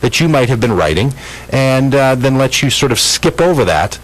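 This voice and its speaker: A man's voice: mid-range voice, moderate pace, rough recording. A middle-aged man from Minnesota hosting a radio talk show, telling stories with lots of stammered restarts. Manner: animated storytelling, frequent stammered restarts. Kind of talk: casual radio chat.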